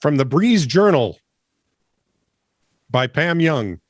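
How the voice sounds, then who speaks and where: A man co-hosting a comedic news podcast, trading deadpan quips and banter in casual chat. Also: medium pitch, normal speed, dry recording, studio quality. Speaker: podcast co-host.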